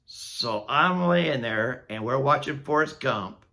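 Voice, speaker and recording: Bright-voiced man telling a candid story. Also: mid-range voice, expressive, slow pace, vocal fry. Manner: candid and self-mocking, laughing at his own misery. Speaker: vlogger. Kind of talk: casual personal storytelling.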